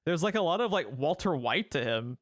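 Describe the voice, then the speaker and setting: A man's voice: a little high, big pitch swings, brisk, dry recording, studio quality. A man co-hosting a film review podcast, rambling in casual chat, laughing often and swearing freely. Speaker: podcast co-host.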